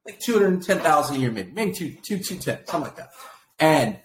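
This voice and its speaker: A man's voice: fairly high pitch, big pitch swings, brisk, crowd noise. A man co-hosting a podcast, chatting casually and animatedly, laughing and mimicking others. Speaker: podcast co-host. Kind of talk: casual political chat. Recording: echoey room with faint noise.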